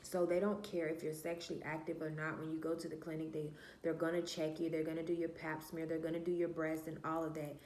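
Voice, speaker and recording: A woman's voice: low-pitched, completely flat delivery, quick pace, hardly any pauses, darkish tone, roomy sound, slight background noise. A woman vlogger telling a personal story in a casual, candid monologue, swearing freely and talking straight to her viewers. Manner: emphatic, repeats herself and trails off with "da, da, da".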